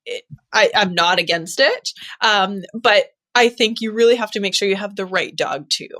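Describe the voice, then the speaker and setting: An earnest woman talks about breeding dogs in a relaxed podcast chat. Her voice is bright and clear, and her animated speech is full of fillers. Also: medium pitch, normal speed. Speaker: dog breeder guest. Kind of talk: casual conversation.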